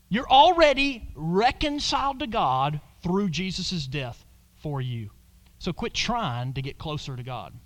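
Preaching in a high-pitched voice, a pastor shifts from booming exclamations down to quiet whispers. Throughout the sermon he has the congregation echo his lines.

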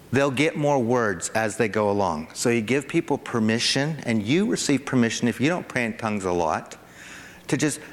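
A man preaching a sermon to a congregation, animated, with a rising pitch whenever he acts out an excited parent. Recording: long hall reverb.

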